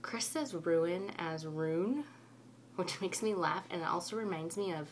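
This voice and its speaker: Californian woman vlogger, rambling casual talk, somewhat low voice, faint hum behind. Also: moderate pace. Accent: Northern Californian. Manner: chatty, rambling, with frequent ums. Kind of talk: casual chat.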